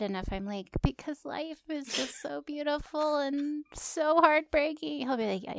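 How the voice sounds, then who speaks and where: A woman co-hosting a podcast in casual chat, listening with quick affirmations and laughter. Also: high-pitched, vocal fry, dry recording. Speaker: podcast co-host.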